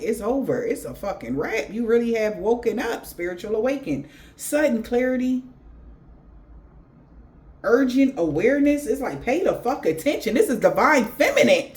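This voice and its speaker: A woman's voice: fairly high pitch, darkish tone. A woman giving a spiritual reading in blunt, profane slang. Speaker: tarot reader.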